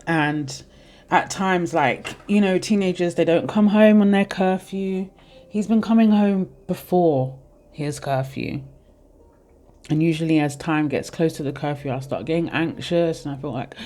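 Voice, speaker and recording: Mellow-voiced tarot reader in their thirties. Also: medium pitch, measured pace. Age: 30s. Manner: rambling, heartfelt, speaks straight to viewers. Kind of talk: casual tarot reading for viewers.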